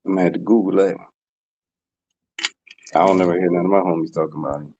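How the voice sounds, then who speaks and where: A man's voice: low voice, steady tone, quick pace, vocal fry, mellow, dull audio, a little hiss or hum. A man with a Philadelphia accent chatting casually on a video call, laid-back and full of slang. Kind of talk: casual chat.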